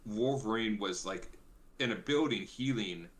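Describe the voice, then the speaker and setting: A man's voice: on the low side, a little slow. A man in casual chat, rambling through recollections like a storyteller.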